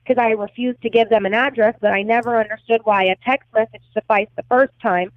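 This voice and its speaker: A woman's voice: fairly high pitch, steady tone, fairly quick, no echo. A young adult woman recounting events as a podcast guest, blunt and agitated, swearing heavily. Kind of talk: emotional storytelling interview. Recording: tinny phone-like line, dry.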